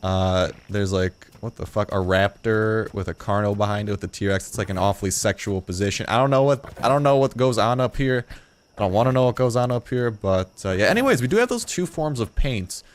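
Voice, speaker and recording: Rambling, foul-mouthed teen gamer. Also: male voice, lowish voice, expressive, fairly quick. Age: late teens. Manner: rambling, joking, swears a lot. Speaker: gaming video host. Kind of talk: casual gameplay commentary.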